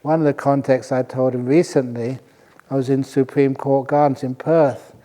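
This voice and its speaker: A man's voice: medium pitch, level tone, moderate pace, dark tone. An older man, a monk, giving a dharma talk to a retreat audience, telling a humorous story and often chuckling. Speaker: monk teacher.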